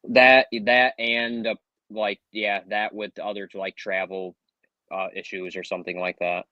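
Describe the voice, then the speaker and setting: Low-voiced measured man, dry sound. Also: level tone, no echo, highs cut off. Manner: measured, hedging, many fillers. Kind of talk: casual sports talk.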